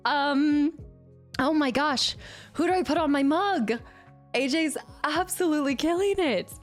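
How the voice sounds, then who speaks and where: Woman streamer, casual chat, fairly high voice, gets excitable and squeaky, faint music under. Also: normal speed. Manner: excitable, squeals and laughs when opening gifts.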